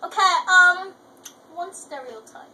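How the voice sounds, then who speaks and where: A young woman chatting casually with friends on camera, loud and crude, joking and laughing. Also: extremely high pitch, slow pace. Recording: home video, distant mic, faint room noise.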